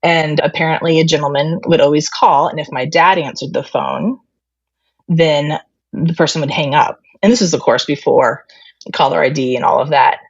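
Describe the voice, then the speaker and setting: A woman's voice: sits low, fairly even intonation, normal speed, husky, no room sound, dull audio. A woman guest candidly recounting a family story, retelling conversations with lots of fillers. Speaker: interview guest. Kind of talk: personal storytelling.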